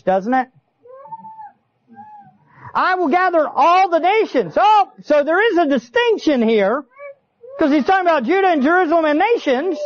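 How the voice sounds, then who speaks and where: A man preaching a sermon, chatty and animated, often turning to ask his listeners questions. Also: extremely high pitch, highs cut off. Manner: animated, conversational, asks the audience questions. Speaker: pastor. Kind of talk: expository sermon.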